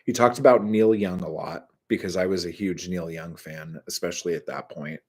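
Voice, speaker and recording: A man's voice: low voice, fairly even intonation, normal speed. A man casually telling rambling, profanity-laced stories and answering his live chat, full of filler words.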